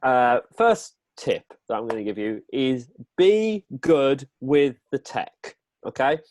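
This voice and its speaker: A man's voice: medium pitch, very animated, takes it slowly, darkish tone. An upbeat man coaches listeners on presenting, speaking straight into his webcam. His voice sits in a middle register and sounds dry and close, with no room echo. His delivery is direct and instructive. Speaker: presenting coach giving tips. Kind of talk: instructional chat on a video call.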